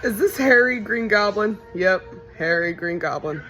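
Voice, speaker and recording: A woman's voice: medium pitch, animated, moderate pace, pushed and bright, soft background music. A young woman in casual movie reaction commentary, chatty and wry, often incredulous and laughing.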